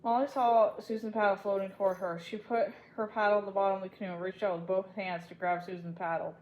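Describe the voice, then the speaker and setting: A woman reading a children's chapter book aloud in a gentle, unhurried storytelling manner. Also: mid-range voice, fairly even intonation, muffled recording. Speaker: storybook reader.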